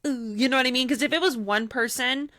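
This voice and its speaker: A woman's voice: high-pitched, quick pace, pushed and bright, no echo, studio quality. A woman co-hosting a podcast, chatting casually and acting out other people's lines as she tells a story. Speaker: podcast co-host. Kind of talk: casual chat recapping a reality show.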